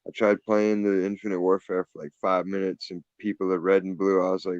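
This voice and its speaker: A man's voice: deep voice, completely flat delivery, brisk, darkish tone, no echo. A man co-hosting a podcast, joking in laid-back casual banter. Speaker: podcast co-host. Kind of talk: casual chat. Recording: dull, dry, lo-fi sound.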